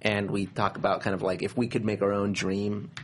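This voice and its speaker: A man's voice: lowish voice, level tone, brisk, a little hiss or hum. A young man co-hosting a podcast in casual chat, enthusiastic and slangy. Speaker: podcast co-host.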